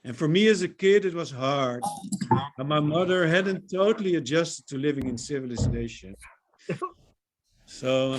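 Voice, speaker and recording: A man's voice: fairly high pitch, lively intonation, moderate pace, long pauses, background noise. A man from the Netherlands with a Dutch accent doing a stand-up set over a video call, joking and laughing at his own lines. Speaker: stand-up comic.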